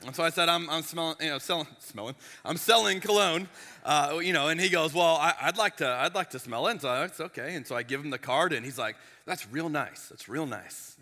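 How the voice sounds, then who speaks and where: A man, the lead pastor, telling a story in a chatty, animated sermon in a church sanctuary. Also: fairly high pitch, fast talker. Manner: animated, chatty, with frequent restarts and asides. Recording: long reverb of a large hall.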